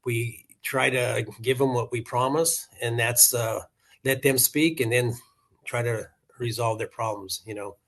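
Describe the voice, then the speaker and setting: A man's voice: medium pitch, fairly even intonation, measured pace, a bit bright. A contractor in his sixties from Colorado, chatting over a video call, rambling and laughing easily as he repeats his words. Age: 60s. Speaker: contractor client. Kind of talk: casual video call chat.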